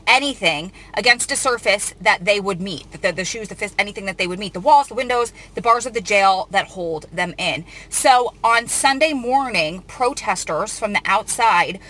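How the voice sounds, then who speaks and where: A woman's voice: mid-range voice, expressive, normal speed, hardly any pauses, fairly bright tone. A woman host reading out a news article and commenting on it, earnest and emotional, often restarting her sentences.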